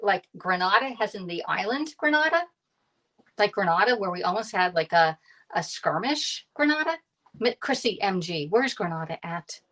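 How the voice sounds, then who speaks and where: A woman's voice: mid-range voice, expressive, normal speed, a bit bright. Chatty woman cooking on a live stream. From Pennsylvania. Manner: chatty, laughs often, greets viewers by name. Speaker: cooking live-streamer and kitchen tools consultant. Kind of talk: casual live-stream chat while cooking.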